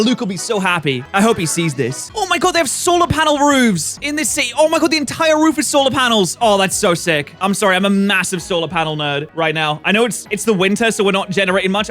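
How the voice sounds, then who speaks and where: A man giving playful, joking gameplay commentary, swinging between excited outbursts and deadpan mutters. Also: high-pitched. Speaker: gaming YouTuber.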